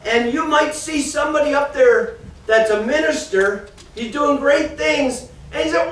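A man teaching a children's church class, reading a Bible passage and then explaining it to the kids in a lively storytelling way. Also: very high voice, measured pace. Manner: animated storyteller, reads scripture then talks directly to the kids. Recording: echoey room from far off, faint noise.

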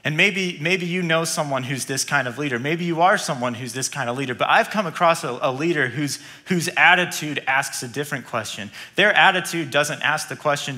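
A man preaches a sermon in a bright, ringing voice that sits high for a man. He drives his points home with energy, repeating key lines and restarting sentences as he goes. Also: a little fast. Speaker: pastor.

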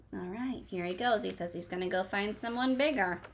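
A woman's voice: medium pitch, fairly quick, hardly any pauses. A young woman teacher reading a picture book aloud to her class and chatting with the children, encouraging and full of ums and likes.

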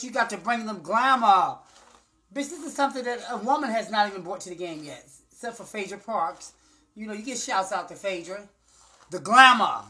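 A woman ranting to her phone camera indoors, campy and profane, calling everyone "girl" and swinging between loud bursts and low muttered asides. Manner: brash, profane, campy, repeats "girl" and "honey" constantly. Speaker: vlogger. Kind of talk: sassy off-the-cuff rant to camera. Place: indoors, small room. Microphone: phone camera at arm's length.

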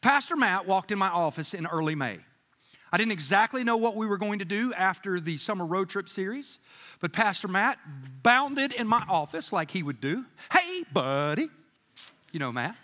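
With a high voice at a moderate pace, the pastor animates his sermon with stories, jokey remarks, and voiced impressions of the people he quotes. The church sanctuary gives the recording a long, echoing reverb.

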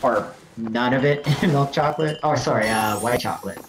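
A man's voice: medium pitch, moderate pace. Easygoing male co-host with a noisy mic. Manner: easygoing, hesitant, laughs often. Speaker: co-host and producer. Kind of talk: casual chat while gaming.

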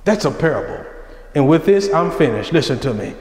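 A man preaching in a church sanctuary with a high voice and a fervent, pleading cadence. His words ring out through a roomy hall with a long, lingering reverb. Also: big pitch swings, a little fast, darkish tone. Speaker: senior minister preaching. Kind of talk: sermon.

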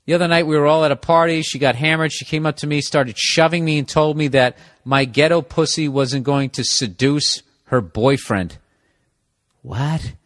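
A man hosting a podcast, reading out a listener's letter and giving comedic advice in a blunt, profane rant that rises into loud, emphatic outbursts. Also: medium pitch, no echo. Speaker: podcast host.

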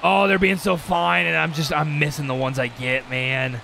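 A man's voice: a little high, flat delivery, moderate pace, vocal fry, noisy background. A young man commentating his own baseball video game play, exasperated and talking to himself and his viewers in bursts of frustration. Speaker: gaming channel host. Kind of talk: live gameplay commentary.

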